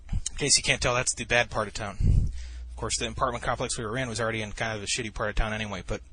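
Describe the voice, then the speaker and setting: A man in his twenties telling a long, rambling story in casual chat, deadpan and full of swearing. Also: on the low side, fast talker, a little hiss or hum. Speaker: gamer narrating over a replay.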